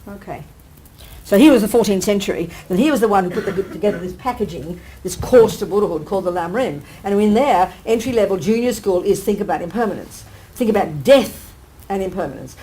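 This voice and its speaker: A woman's voice: medium pitch, lively intonation, brisk, darkish tone, rough recording. Blunt woman teaching dharma. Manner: blunt, emphatic, colloquial, rhetorical questions. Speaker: Buddhist nun teaching. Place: meditation centre teaching hall.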